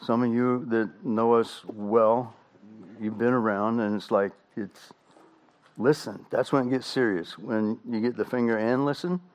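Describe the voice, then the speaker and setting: A middle-aged man preaches a sermon in a medium-pitched voice. He leans on rhetorical questions and slow, weighty pauses. His delivery is emphatic and earnest. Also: fairly even intonation. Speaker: pastor.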